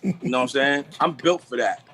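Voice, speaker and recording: A man on a live video call, explaining the deeper meanings of words in a preachy, repetitive way. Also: a little fast, sharp tone, slightly rough, low-quality recording. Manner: preachy, repeats "you know what I'm saying". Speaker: guest. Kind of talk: live stream talk on word meanings.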